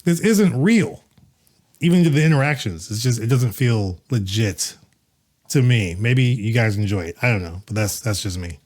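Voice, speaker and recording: A man's voice: on the low side, moderate pace, darkish tone. A man hosting a reaction video, giving casual, rambling commentary that often trails off with hesitant fillers.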